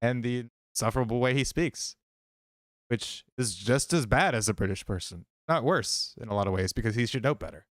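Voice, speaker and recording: A man co-hosting a casual commentary chat, talking in a rambling, halting, profane way. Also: mid-range voice, expressive, no room sound, clean studio sound.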